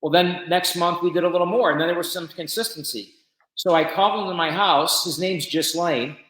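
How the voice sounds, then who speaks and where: A man guest on a podcast, telling a business story in an animated, casual way. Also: a little high, fairly quick, reverberant, rough recording. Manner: animated storyteller with shifting loudness.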